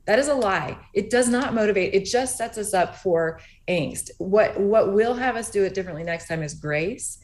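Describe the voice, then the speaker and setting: A woman's voice: medium pitch, animated, normal speed, hardly any pauses. Earnest woman guest on a video call. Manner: earnest, storytelling, acts out quoted dialogue. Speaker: interview guest. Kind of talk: animated conversational interview.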